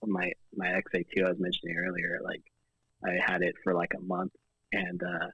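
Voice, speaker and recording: A man with a low, gravelly, husky voice talks in a close, dry sound. His pitch swings widely, jumping up when he quotes himself. He speaks in a laid-back way with plenty of fillers. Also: completely flat delivery, normal speed, pushed and bright, no echo, rough recording. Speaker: guest photographer. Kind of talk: casual chat.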